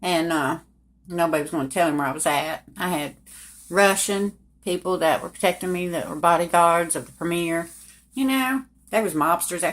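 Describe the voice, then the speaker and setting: Woman, lowish voice, folksy storyteller addressing the audience as "folks" in casual chat. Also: normal speed. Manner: folksy, colloquial, talks straight to listeners. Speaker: storyteller recounting her own life.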